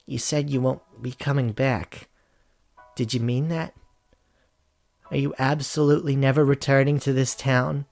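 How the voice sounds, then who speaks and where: A man's voice: mid-range voice, fairly even intonation, a little slow, creaky, long pauses, darkish tone, faint music behind. A man voicing an earnest young man, heir to a crime family, recalling childhood in a visual novel reading. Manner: earnest storytelling.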